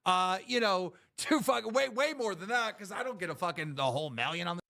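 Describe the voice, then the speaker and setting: A man's voice: high voice, lively intonation, brisk, creaky, bright, forceful tone. A man hosting a live stream, ranting in an exasperated, complaining way with plenty of swearing. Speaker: show host.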